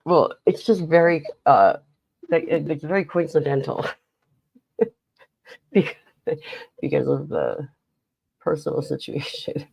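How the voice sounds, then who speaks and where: Gravelly, husky woman streamer with a stuffy nose. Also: sits low, slow pace, pauses often, darkish tone, dry recording, poor audio. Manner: rambling, reads chat aloud, laughs often. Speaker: livestream host. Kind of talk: casual livestream chat.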